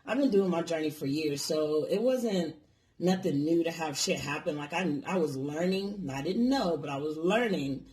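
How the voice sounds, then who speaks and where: A man's voice: fairly high pitch, normal speed, darkish tone. A man casually telling a personal story on his vlog, rambling and swearing freely. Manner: rambling, profane, lots of fillers.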